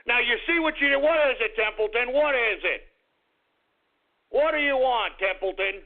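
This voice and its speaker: A man's voice: very high voice, lively intonation, moderate pace. A man hosting a radio show, ranting in an exasperated, rambling way and repeating himself as he talks to his listeners. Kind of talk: comedic radio rant. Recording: tinny phone-like radio audio.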